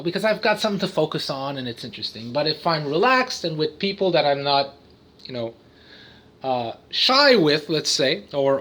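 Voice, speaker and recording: A vlogger who is an autistic father talks casually to camera about his own habits in a sharp-toned voice on the high side. He rambles and cuts himself off, frequently bursting into sudden singing, noises and cartoon voices.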